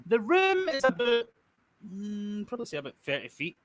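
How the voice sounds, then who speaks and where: A laid-back man narrating a tabletop game as game master, his voice rising and falling in a lively way. The sound is dry and close, with no room echo. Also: sits high, moderate pace.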